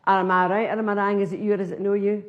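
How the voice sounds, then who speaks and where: A woman's voice: medium pitch, level tone, lo-fi sound, slight background noise, lightly acted. A woman voicing a chatty, nosy Glasgow man with a Scottish accent, who teases in a gossipy way. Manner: gossipy, quick and teasing.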